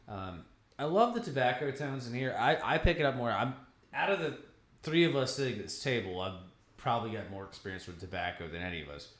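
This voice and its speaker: A man's voice: medium pitch, a bit bright, reverberant. A man co-hosting a casual drinks review, joking and laid-back. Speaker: podcast co-host reviewing drinks. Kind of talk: casual chat.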